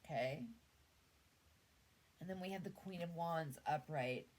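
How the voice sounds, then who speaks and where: A woman's voice: deep voice, unhurried, darkish tone, low-quality recording. A Canadian woman giving a casual tarot reading, musing aloud, trailing off and restarting her thoughts. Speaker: tarot reader.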